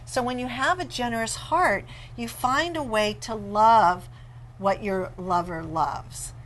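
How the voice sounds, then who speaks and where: A woman author, a guest in an interview, telling animated and playful stories about marriage. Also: fairly high pitch, slow pace, poor audio. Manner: animated storyteller, playful and laughing. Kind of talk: conversational interview.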